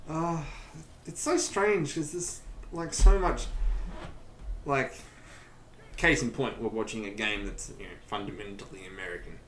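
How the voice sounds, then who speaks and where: A young man chatting casually over a let's play, telling stories in a rambling, animated way. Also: medium pitch, unhurried, long pauses, a little hiss or hum. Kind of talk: casual gaming chat. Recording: echoey room.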